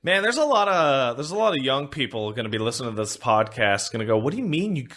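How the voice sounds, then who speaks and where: A man co-hosting a casual podcast, telling stories in an animated way and swearing freely. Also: mid-range voice, fast. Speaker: podcast co-host.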